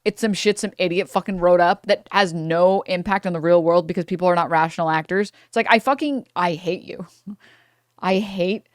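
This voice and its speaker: A woman's voice: lowish voice, normal speed, no echo, studio quality. A woman streamer giving live reaction commentary in a heated, profane rant.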